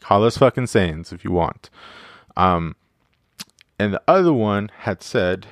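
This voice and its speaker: A man with a fairly low, smooth and resonant voice talks through a casual solo podcast episode. He rambles, swears freely and jokes, padding his sentences with fillers. The sound is close and dry. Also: animated, measured pace, pauses often, no room sound. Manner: rambling, profane, joking, many fillers. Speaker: podcast host.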